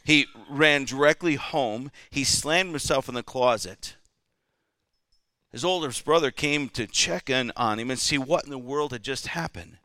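At a measured pace, a pastor with a mid-range voice that sounds pushed and bright preaches for Pentecost Sunday, recorded in studio quality with no room sound. He guides the congregation in call-and-response during the service, often pausing to ask them "all right?"

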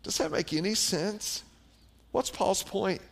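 A man's voice: sits high, slow, gravelly. A middle-aged man preaching a sermon as pastor, emphatic and putting questions to the congregation.

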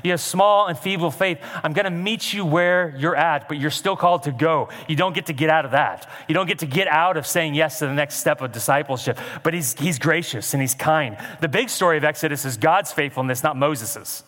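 Pastor preaching in a reverberant hall. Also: male voice, a little high, a little fast, few pauses, fairly bright tone. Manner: conversational preaching, wry asides. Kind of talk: sermon.

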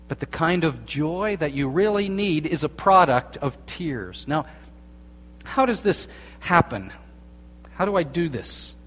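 A man preaching a sermon as a pastor, earnest, dropping to hushed tones and then rising to emphatic points. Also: a little high, slight background noise. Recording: long reverb of a large hall.

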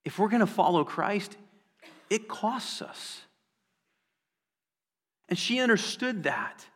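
A man preaching a sermon in an earnest way, slowing down and repeating phrases for emphasis. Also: sits high, animated. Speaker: pastor. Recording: long hall reverb.

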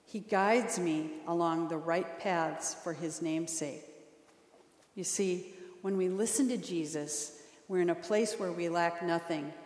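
A woman preaching a sermon in a church, earnest and gently exhorting as she reads scripture aloud. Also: lowish voice, slow pace. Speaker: pastor. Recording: roomy hall with long reverb.

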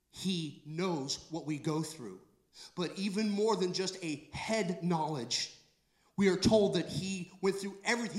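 A man preaching a sermon, emphatic and repetitive, swinging between soft, slow passages and loud outbursts. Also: fairly high pitch. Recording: echoey room.

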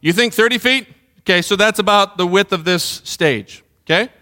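Bright-voiced man preaching a sermon. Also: sits high, moderate pace. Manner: conversational, asks the congregation questions. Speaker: pastor. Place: church stage with congregation.

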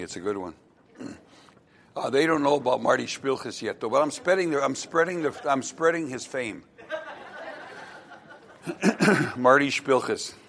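A man's voice: medium pitch, fairly bright tone. A male pastor telling a joke in his sermon, in a folksy, chuckling storytelling manner.

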